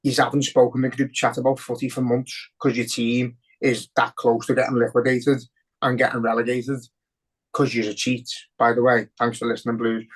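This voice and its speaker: Sweary Scouse man ranting. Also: mid-range voice. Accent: Liverpool. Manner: heavy swearing, emotional and ranting. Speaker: podcast co-host. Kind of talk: casual podcast chat.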